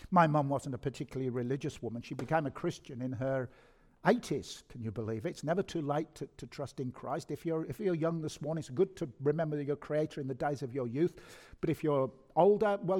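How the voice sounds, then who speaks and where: A middle-aged Englishman preaches a sermon in a church hall, earnest and conversational, repeating words and posing rhetorical questions. His voice is a little high and a little mellow, and he speaks briskly. The hall's long reverb carries through the recording.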